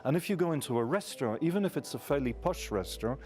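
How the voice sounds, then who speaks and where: A man from London, telling unhurried stories as a guest on a radio chat show. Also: a little high, animated, a little mellow.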